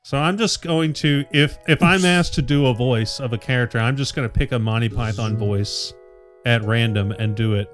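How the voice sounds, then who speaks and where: A man's voice: medium pitch, soft background music. A man co-hosting a comedy let's-play, joking and chatting casually. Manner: joking, quick to laugh. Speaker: co-host riffing.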